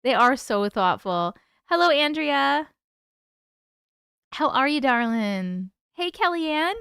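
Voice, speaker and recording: A tired woman hosting a live stream at home, chatting casually and warmly greeting viewers by name as she reads their comments. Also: high-pitched, big pitch swings, slow pace, no echo, clean studio sound. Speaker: host.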